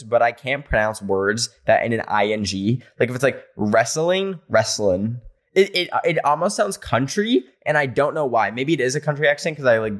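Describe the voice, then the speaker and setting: A man hosting a podcast in a casual chat, talking in a playful way with dramatic exaggeration and frequent laughs. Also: medium pitch. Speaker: podcast host. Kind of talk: casual podcast chat reading listener stories. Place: home in a big city.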